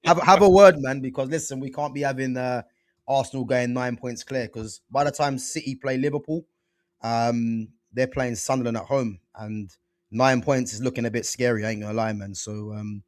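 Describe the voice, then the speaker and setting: A man hosting a casual football chat show, animated and slangy, full of fillers and restarts. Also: mid-range voice, moderate pace, dry recording. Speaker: football podcast host.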